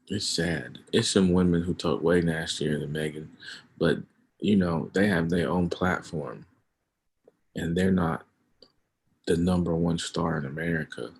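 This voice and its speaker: A man hosting a livestream, talking casually and emphatically about his views and getting loud at times. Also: low voice, a little slow, gravelly, a little hiss or hum. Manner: emphatic, rising to loud outbursts. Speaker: livestream host. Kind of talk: casual opinion chat on a livestream.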